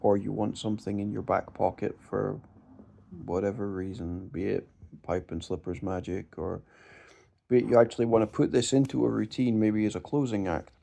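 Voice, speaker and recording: Low gravelly-voiced man talking magic. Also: moderate pace, mellow. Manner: emphatic, direct, restarts words. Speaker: mentalist discussing magic performance. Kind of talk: casual instructional monologue.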